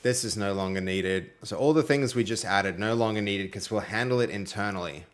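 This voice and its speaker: A man's voice: lowish voice, fairly quick. A young man with an Australian accent chats casually to his stream audience while he works through code. His talk is friendly and loose, packed with fillers. He reads viewers' messages aloud as they come in. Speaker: livestreaming programmer. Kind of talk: casual live-stream chat while coding.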